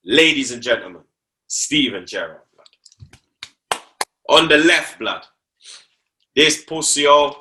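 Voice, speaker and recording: A man's voice: medium pitch, bright, forceful tone. A young man, talking football on a casual podcast, slangy and repeating himself for emphasis.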